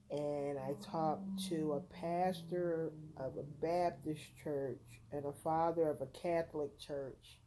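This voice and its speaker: A woman's voice: low-pitched, dark tone, slight background noise, low-quality recording. A tired woman from the United States, telling her own story in a rambling, frank, conversational vlog at home. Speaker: content creator.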